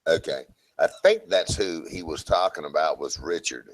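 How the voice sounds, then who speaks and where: A man with a Southern American accent chatting casually on a video call, friendly and encouraging, with a relaxed, lazy drawl. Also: a bass voice, moderate pace, no echo, poor audio. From Southern United States. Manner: friendly, encouraging, admits to drawling lazily when tired. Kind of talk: casual chat on an online video hangout.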